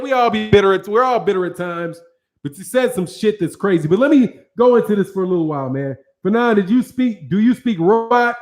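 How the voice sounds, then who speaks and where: A man with a fairly high voice hosts a boxing livestream, answering his viewers' chat as it comes in. He talks loose and slangy and swears freely, speaking straight into a studio mic. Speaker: boxing channel host. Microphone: studio microphone with several cameras.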